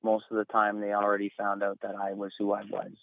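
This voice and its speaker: A man's voice: on the low side, completely flat delivery, fast talker, no echo. A man on a phone call, talking in an emphatic, rambling, exasperated way as an interview guest. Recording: tinny phone line.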